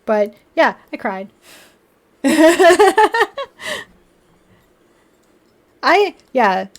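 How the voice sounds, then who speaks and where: A woman's voice: extremely high pitch, big pitch swings, very slow. A woman chatting casually on a live stream while building a model kit. She laughs often and swears freely. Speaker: livestreamer building model kits.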